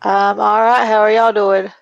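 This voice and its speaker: A woman's voice: mid-range voice, flat delivery, normal speed, creaky, clean tone, dry recording. A woman calling into a live stream in casual chat, sounding nasal and congested after nose surgery, easygoing. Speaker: caller. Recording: dry, dull lo-fi line.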